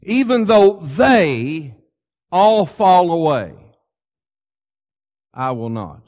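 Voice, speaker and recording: Peter , as a preacher puts him on, speaks as a bold, boastful young man who is sure he is stronger than everyone else. He pushes his words out loudly and insistently, his voice pitched up high with certainty. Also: big pitch swings, very slow, heavily acted. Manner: insistent, emphatic, raising his voice. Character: boastful bold male apostle Peter, young adult, overconfident.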